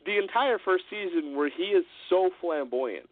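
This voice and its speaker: A man co-hosting a podcast in casual chat, joking and animated. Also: high-pitched, moderate pace, dry recording, narrow, tinny audio. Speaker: podcast co-host.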